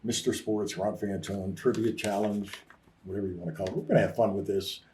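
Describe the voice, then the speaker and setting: Dark-voiced rambling man. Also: on the low side, steady tone, fairly quick, recorded from a distance, slight background noise. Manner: rambling and self-interrupting, with restarts. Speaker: co-host. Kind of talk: casual sports talk chat.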